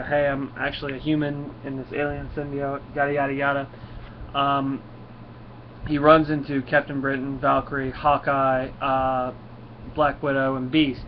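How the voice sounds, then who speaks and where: A man's voice: mid-range voice, dull audio, a little hiss or hum. A man casually reviewing a comic book, rambling with many fillers and reading the dialogue aloud. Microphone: camera mic.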